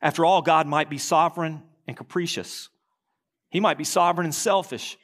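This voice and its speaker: A man preaching a sermon as pastor, reading quotations aloud, slowing and dropping low at key lines. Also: fairly bright tone.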